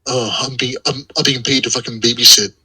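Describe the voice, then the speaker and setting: A man chats in character during a tabletop game. He often repeats and restarts his words and swears in passing. His voice has a very bright, sharp edge. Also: mid-range voice, steady tone, fairly quick, husky, rough recording. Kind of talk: casual in-character roleplay.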